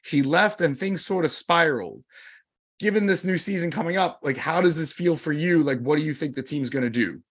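American guy hosting a podcast, kinda husky voice, pitched a bit high, eager and casual. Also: a little fast, fairly bright tone. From United States. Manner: enthusiastic, casual, swears. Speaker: podcast host.

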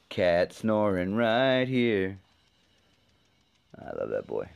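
A man's voice: lowish voice, wildly swooping pitch, very slow, vocal fry, long pauses, clean tone. A man hosting his own show in a casual, rambling monologue, swearing freely and joking sarcastically. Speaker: podcast host.

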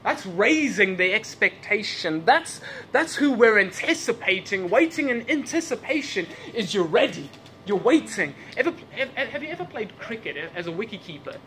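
A man's voice: high-pitched, big pitch swings, normal speed, bright, forceful tone, a little hiss or hum. A man preaching a sermon in a church service, with English as his second language, asking repeated questions and laughing at his own asides. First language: not English.

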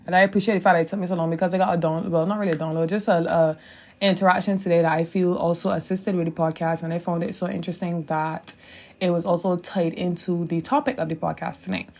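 Chatty Caribbean woman, low voice. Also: steady tone, fast, a little mellow. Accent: Caribbean English. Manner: chatty, digressive, swears freely, laughs often. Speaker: podcast host. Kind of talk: casual solo podcast monologue.

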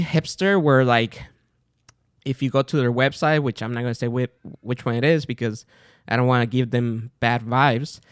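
A man who grew up abroad tells a long, casual story as host of his own show. His pitch sits mid-range, jumps up when he gets excited, and he acts out dialogue with lots of fillers. The recording is dry and close. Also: clean tone, no room sound. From outside the United States. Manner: animated, chatty, with fillers and retold dialogue. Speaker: podcast host.

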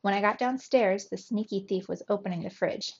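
A woman teacher reads a children's novel aloud at a mid-range pitch, telling it clearly and expressively. The recording is dull and lo-fi. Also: fairly quick. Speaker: teacher reading aloud to young pupils.

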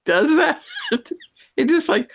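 Brief: middle-aged woman, casual chatty storyteller, somewhat low for a woman, laughs a lot. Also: takes it slowly, gravelly, slight background noise. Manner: chatty, animated storyteller who laughs often. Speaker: cat owner telling a story. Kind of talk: casual chat.

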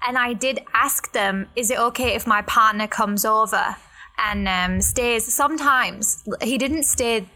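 A woman's voice: fairly high pitch, a little slow, sharp tone, faint music behind. A woman chatting casually, frank and joking, often agreeing with "yeah". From Britain. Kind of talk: casual chat.

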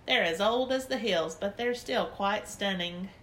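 A woman voicing a kindly old grandmother who speaks gently and warmly. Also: mid-range voice, measured pace, a little hiss or hum, close to an everyday voice. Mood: delighted. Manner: gentle and warm.

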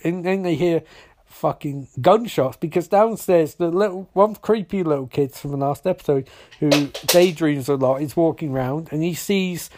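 A man's voice: fairly high pitch, moderate pace, darkish tone. A man casually recapping and reviewing a TV episode, rambling and swearing freely, with plenty of fillers. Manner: profane, rambling, lots of fillers.

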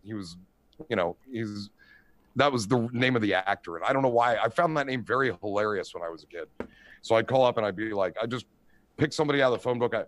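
A middle-aged man telling prank stories in casual chat, animated and profane, often asking "you know what I mean". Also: fairly low pitch, quick pace, dry recording.

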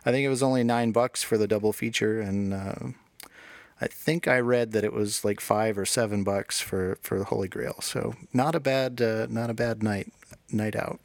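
A man's voice: fairly low pitch, fairly even intonation, moderate pace, creaky, no echo. A man guesting on a podcast, talking casually in a rambling way with many restarts. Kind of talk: casual chat.

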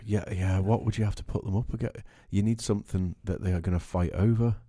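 A man's voice: deep voice, fairly even intonation, fast talker, mellow, husky, dry recording, clean studio sound. A man co-hosting a podcast, chatting casually and comically, swearing often and laughing a lot. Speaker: podcast co-host. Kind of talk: casual comedic chat.

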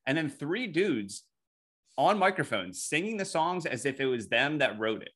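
Bright-voiced man telling stories. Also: fairly high pitch, big pitch swings, normal speed. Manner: profane, storytelling, mimics voices in quotes. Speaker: podcast co-host. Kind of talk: casual podcast banter.

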